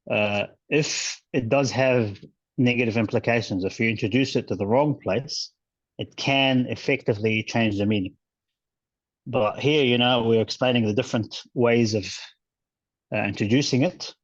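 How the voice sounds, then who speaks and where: A male teacher explaining recitation rules in a casual online class, relaxed and chatty with many fillers and restarts. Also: medium pitch, no echo, dull audio.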